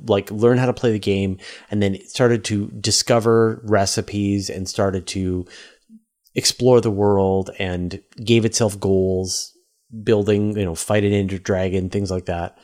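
A man co-hosting a casual podcast chat, talking in an animated, quick way and reading out thanks to supporters. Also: lowish voice. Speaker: podcast co-host. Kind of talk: casual chat and sponsor read-out.

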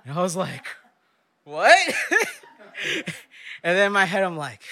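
A young man telling a lively story on stage, laughing often and acting out the voices of the people in it. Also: sits high, measured pace, long pauses. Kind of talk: live storytelling.

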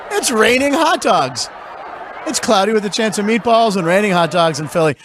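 A man hosting a casual sports talk show, chatty and jokey with quick asides. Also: high-pitched, expressive, noisy background. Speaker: host.

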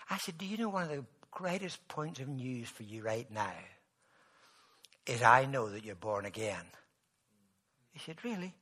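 A man preaching a sermon, moving from quiet storytelling to loud, emphatic exhortation. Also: mid-range voice, slightly rough.

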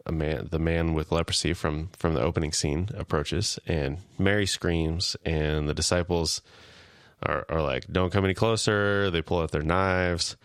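Low-pitched male co-host retelling scenes, dry and close. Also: fairly even intonation, measured pace, no room sound. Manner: retelling scenes, acting out lines lightly. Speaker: podcast co-host. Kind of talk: casual episode recap.

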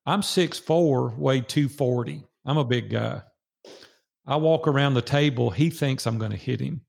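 A man in his sixties with a gravelly, creaky edge to his voice tells a long personal story as a guest. He speaks earnestly, like a preacher, and acts out each line of dialogue as he goes. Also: medium pitch, measured pace, darkish tone. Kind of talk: storytelling in an interview.

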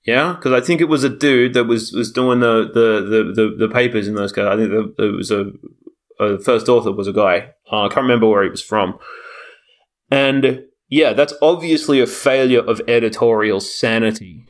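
A man's voice: lowish voice, normal speed. A man co-hosting a casual chat, rambling and sardonic, swearing freely.

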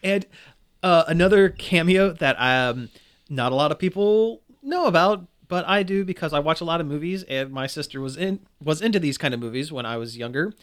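A man hosting a casual podcast chat, telling stories with lively enthusiasm and plenty of fillers. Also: fairly high pitch, brisk, clean tone.

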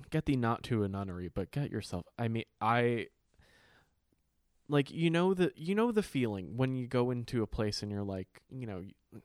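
A man co-hosting a casual podcast chat, profane and animated, slipping into quoted voices. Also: medium pitch, no room sound, clean studio sound. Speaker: podcast co-host.

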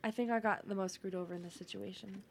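A young woman co-hosting a podcast, chatty and quick to laugh. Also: medium pitch, steady tone. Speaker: podcast co-host. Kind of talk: casual chat.

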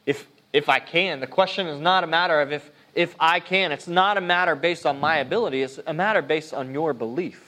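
High-voiced earnest preacher man. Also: brisk, few pauses, pushed and bright. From United States. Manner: earnest, conversational preaching with frequent restarts. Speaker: pastor. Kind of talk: sermon.

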